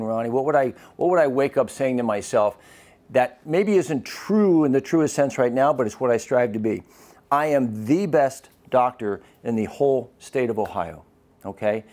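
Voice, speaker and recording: A man's voice: medium pitch, a little mellow. A man, a physician giving a live lecture, who talks to the audience and asks them questions.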